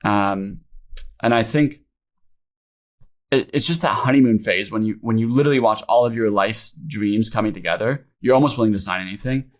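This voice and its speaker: A young man with a lowish voice tells his founder story in a podcast interview. He speaks candidly and loosely, with plenty of "like" and "um". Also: moderate pace. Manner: informal, many fillers like "like" and "um", emotional retelling. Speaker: founder guest.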